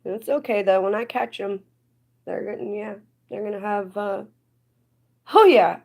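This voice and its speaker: A woman's voice: mid-range voice, a little slow, creaky, darkish tone. A woman chatting casually on a live stream, rambling and getting indignant at times. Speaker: livestreamer.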